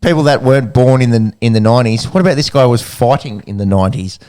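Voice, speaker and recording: A man's voice: medium pitch, fast talker, a little mellow. An Australian man co-hosting a sports podcast in casual, joking chat, with a loose swearing delivery. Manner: banter, swearing, laughing. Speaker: podcast co-host.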